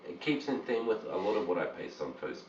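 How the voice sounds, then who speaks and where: A low-voiced man with a lively, swooping delivery, chatting and cursing over beers. He is recorded far off in a roomy space, and the sound is dull. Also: fairly quick, a little hiss or hum. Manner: animated, swears freely. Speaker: podcast co-host. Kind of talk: casual chat over beers.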